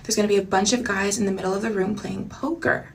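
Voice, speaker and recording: A woman voicing a sweet, soft-spoken young female roommate who half-whispers in a breathy, airy tone. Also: medium pitch, steady tone, fast, recorded from a distance, slight background noise, close to an everyday voice. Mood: airy, coaxing.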